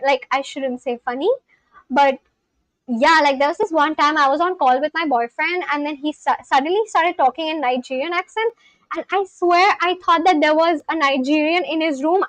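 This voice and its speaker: A woman's voice: sits high, moderate pace, fairly bright tone, dry recording, low-quality recording. A woman live-streaming, chatting casually with her viewers as she reads and answers their messages.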